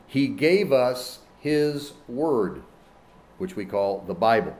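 Male preacher, measured delivery, pitch rising and falling a lot, emphatic and questioning. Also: a little mellow. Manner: emphatic, questioning, reads scripture aloud. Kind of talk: sermon.

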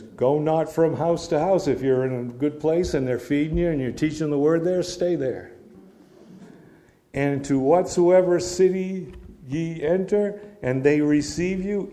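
A middle-aged man giving an informal Bible teaching, reading verses aloud and explaining them in a relaxed, storytelling way. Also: fairly high pitch. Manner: reads scripture aloud then explains it in a casual, storytelling way.

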